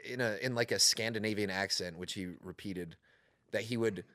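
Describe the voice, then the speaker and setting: A young man co-hosting a podcast, telling dark jokes in a flat deadpan way in a small studio. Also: on the low side, normal speed, no echo. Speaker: podcast co-host. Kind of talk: casual chat.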